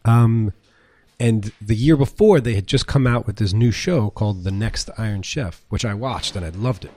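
Speaking at a moderate pace in a fairly low voice, with no room sound, a middle-aged chef and restaurant owner from the United States tells rambling stories in a relaxed interview. His animated talk is packed with fillers and the occasional curse word.

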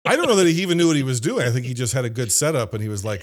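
A man's voice: medium pitch, big pitch swings, rapid-fire. A man from Ohio hosting a casual movie-review podcast, laughing often and mimicking lines from films. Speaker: podcast host.

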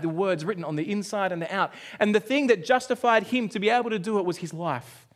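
An Australian man in his forties preaching a sermon, telling a personal story and acting out his own reactions. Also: high-pitched. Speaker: pastor.

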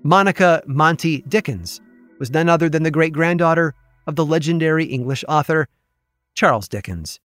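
A man hosting a podcast, telling a true story in scripted, measured narration with a wry touch. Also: fairly high pitch, a bit bright, no room sound, clean studio sound. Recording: faint music bed behind.

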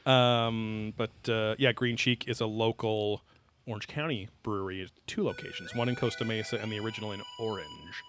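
A man's voice: lowish voice, fairly even intonation, normal speed, background noise. A man co-hosting a podcast, chatting casually over beers, rambling loosely and swearing offhandedly. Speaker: podcast co-host.

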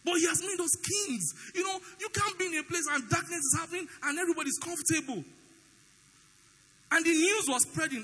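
A man's voice: very high-pitched, fairly quick, slightly rough, long reverb tail, poor audio. A man with a Nigerian accent preaching a sermon as pastor, telling stories animatedly and acting out the dialogue. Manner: animated storytelling, acts out dialogue.

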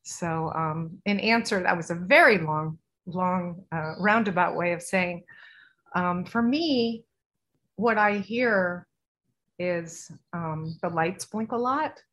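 A woman speaking as a podcast guest, her voice bright and clear. She wanders through her thoughts in an earnest, soft-spoken way, circling back as she goes. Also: on the low side, takes it slowly. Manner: rambling, earnest, soft-spoken spiritual talk. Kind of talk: casual interview chat.

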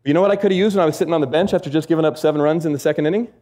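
Man, motivational speaker, quick delivery, storytelling, rhetorical questions. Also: a little high, mellow. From United States. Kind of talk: keynote talk.

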